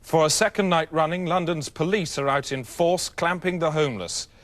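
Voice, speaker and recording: Deadpan news anchor man. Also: a little high, moderate pace. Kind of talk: deadpan satirical news reading.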